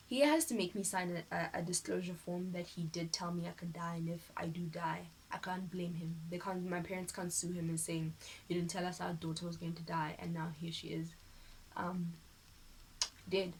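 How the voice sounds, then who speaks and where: A young South African woman vlogging, telling a personal story in a lively, animated way and acting out the people she quotes. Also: fairly low pitch, brisk, creaky, slight background noise, rough recording. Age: teens. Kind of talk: casual storytelling vlog. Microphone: phone camera.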